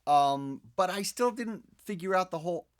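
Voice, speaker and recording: A man, a guest voice actor, talking through animated anecdotes in a casual studio interview, with plenty of fillers and restarts. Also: high voice, normal speed. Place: podcast studio.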